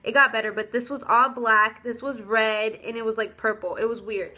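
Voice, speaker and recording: A young woman telling a storytime vlog in a casual, indignant, animated way, full of slang. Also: fairly high pitch, normal speed. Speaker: vlogger.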